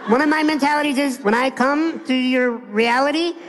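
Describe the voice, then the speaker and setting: A man's voice: very high-pitched, moderate pace, fairly bright tone, big-room sound, a little hiss or hum. An American man giving a live motivational keynote, telling stories playfully and speaking straight to his audience. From United States.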